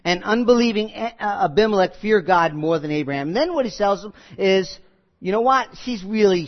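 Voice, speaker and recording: A man preaching a sermon, telling stories with quoted voices and lively asides. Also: sits high, brisk. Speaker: pastor. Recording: muffled audio with long hall reverb.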